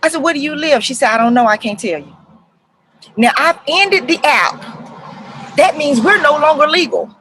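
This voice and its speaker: Animated woman telling stories. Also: sits high, moderate pace, pauses often, a little hiss or hum, poor audio. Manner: animated retelling, acts out voices, addresses viewers as y'all. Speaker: counselor and life coach speaking to parents. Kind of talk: casual talk to camera, storytelling.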